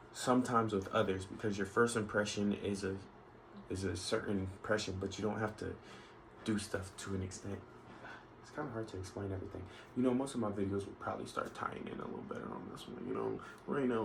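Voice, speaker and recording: A man's voice: lowish voice, gravelly, poor audio. Rambling man venting in a vlog. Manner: rambling, many restarts and asides. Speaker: vlogger. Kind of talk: casual opinion monologue. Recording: faint background noise.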